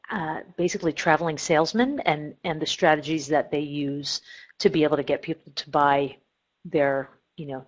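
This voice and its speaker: A woman's voice: deep voice, low-quality recording. A middle-aged woman therapist giving a recorded lecture on treatment techniques, explaining step by step with frequent ums and self-corrections. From Cleveland, Ohio.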